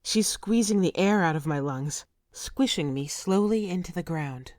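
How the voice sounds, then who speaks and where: A woman's voice: lowish voice, animated, measured pace, a little mellow, dry recording, clean studio sound. A woman narrating a first-person fantasy audiobook with intense, vivid storytelling.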